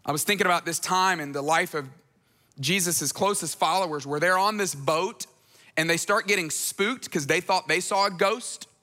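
Male pastor, high bright tenor, earnest and repetitive, hall reverb. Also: moderate pace. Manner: earnest, repeats phrases for emphasis, storytelling asides. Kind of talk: conversational sermon.

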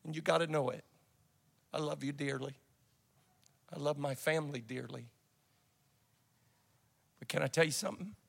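A man with a high-pitched voice delivers an impassioned sermon. He tells the story with a rising and falling intensity, from loud cries to soft, hushed lines. His voice rings through a large hall with a long reverb tail. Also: fairly even intonation, moderate pace, creaky, pauses often. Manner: impassioned storytelling, swinging from shouts to hushed tones. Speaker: preacher.

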